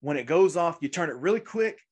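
A man's voice: a little high, expressive, fairly quick, a little mellow, husky. A man in his twenties, a podcast host, telling a rambling, emotional story in casual chat, with many restarts. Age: 20s.

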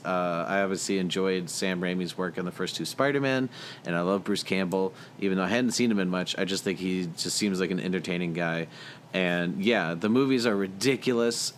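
A young man with a somewhat low voice talks through recent movies in a loose, rambling podcast chat. He fills his sentences with ums and uhs and chuckles often. A faint hiss sits under the recording. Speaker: podcast co-host.

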